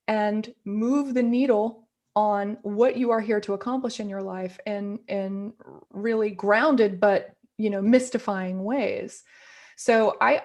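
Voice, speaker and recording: Earnest woman guest, mid-pitched. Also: darkish tone. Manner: earnest and reflective, repeats words as she works out her thoughts. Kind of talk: casual interview talk.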